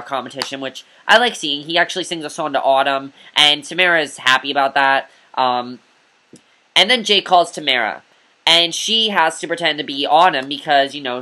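Bright-voiced man rambling through a TV review. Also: a little high. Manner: rambling, eager, repeats himself with many fillers. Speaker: TV episode reviewer. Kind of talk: casual spoken episode review.

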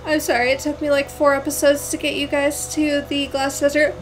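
A woman hosting a let's play, chatting through the game and breaking into excited squeals and exclamations. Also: high voice, brisk, slight background noise, poor audio. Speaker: gaming channel host.

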